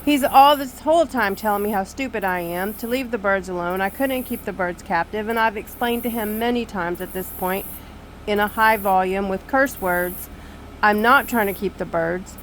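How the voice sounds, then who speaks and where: A woman's voice: medium pitch, normal speed, low-quality recording. Older woman, vlogger, exasperated storytelling, self-mocking, porch, faint background noise. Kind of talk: storytelling to camera. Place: screened back porch.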